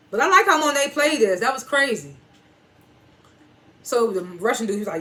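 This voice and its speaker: A woman's voice: fairly high pitch, animated, normal speed, sharp tone. A woman reviewing a TV episode in a casual recap, loosely retelling scenes and swearing now and then.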